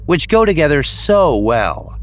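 A man's voice: a little high, very animated, measured pace, faint music behind, voice pushed up. A man voicing a playful, teasing young woman in an audiobook. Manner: teasing, wry.

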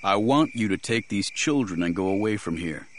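A man voicing a calm, guarded male stranger who stays hidden in the dark and speaks in a measured, steady, firm way. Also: lowish voice, a little hiss or hum, lightly acted.

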